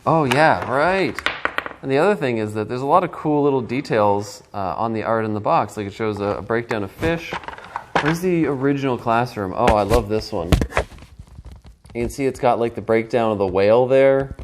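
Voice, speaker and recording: A man's voice: mid-range voice, moderate pace, noisy background. A man reviewing a board game in a casual first-person video, musing aloud with playful asides.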